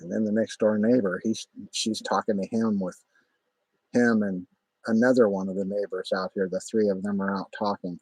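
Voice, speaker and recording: Low husky-voiced man rambling. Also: steady tone, moderate pace, a little mellow, no room sound, low-quality recording. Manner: rambling, profane, many fillers. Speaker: vlogger. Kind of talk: casual spoken storytelling.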